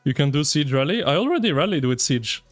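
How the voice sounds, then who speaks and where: A man streaming live, chatting with his viewers in an excitable, slangy, ranting way. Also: on the high side, fast talker, faint music behind. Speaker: game streamer. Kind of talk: casual live-stream commentary.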